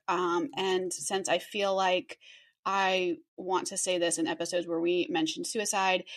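A young woman co-hosting a podcast, chatting casually and reading a true crime case from her script with a giggle here and there. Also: lowish voice. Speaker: podcast co-host presenting the case.

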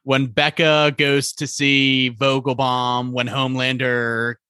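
A man's voice: medium pitch, completely flat delivery, slow pace, bright, forceful tone, smooth, no room sound, clean studio sound. A man co-hosting a podcast, joking in a laid-back way while recapping a show. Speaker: podcast co-host. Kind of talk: casual recap chat.

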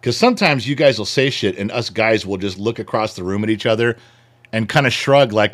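Middle-aged man, casual co-host, animated swearing storyteller with a lively, swooping pitch. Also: brisk. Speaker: podcast co-host. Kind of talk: casual chat.

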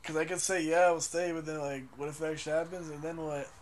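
A man's voice: a little high, fairly even intonation, fast. A young man co-hosting a podcast in casual chat, rambling and profane, hesitating with lots of fillers. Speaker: podcast co-host.

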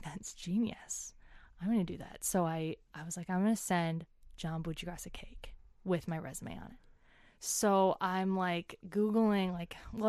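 A woman's voice: fairly low pitch, a little mellow, no room sound, clean studio sound. A woman in her twenties, an interview guest, animatedly telling a chatty story and acting out what people said.

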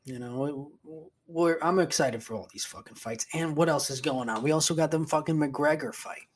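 A podcast host talks by himself in a casual solo chat, rambling along with plenty of swearing and restarted sentences. He speaks at a normal speed in a fairly high pitch.

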